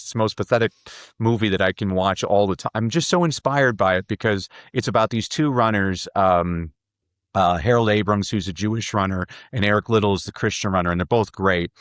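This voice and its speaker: Lowish guy telling stories on a podcast, super enthusiastic, stumbles and repeats words, dry close mic. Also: fairly quick, fairly bright tone, no echo. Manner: enthusiastic, repeats words when starting sentences, acts out quotes. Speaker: guest, speaker and professor. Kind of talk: animated podcast storytelling.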